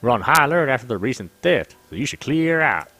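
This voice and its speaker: A man's voice: medium pitch, very animated, fast talker, bright, forceful tone, no room sound, full character voice. A suspicious female desert guard shoos away strangers in a clipped, dismissive tone, as a man puts her on. She speaks with a put-on American Southern accent, like a guard reading lines in a game. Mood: stern. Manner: brusque, dismissive.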